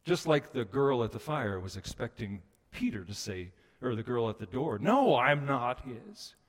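A man preaching a sermon, moving between hushed passages and loud, emphatic ones. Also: fairly low pitch, animated, normal speed. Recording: long reverb of a large hall.

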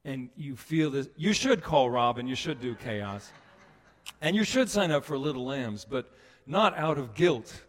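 A man preaching a sermon as a pastor, telling the story with animated delivery and acting out the voices of people he quotes. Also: mid-range voice, a little slow, in a large hall.

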